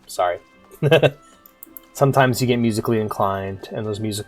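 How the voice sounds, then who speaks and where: A man's voice: on the low side, normal speed, long pauses. A man giving casual, joking gameplay commentary as a streamer, playful and self-mocking, with the odd casual swear. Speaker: streamer playing a game. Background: faint music.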